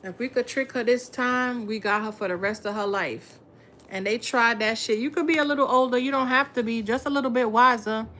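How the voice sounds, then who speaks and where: A woman's voice: a little high, fairly quick, sharp tone, slight background noise. A woman giving a casual tarot reading, blunt and full of profanity and slang, talking straight to her viewers. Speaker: tarot reader.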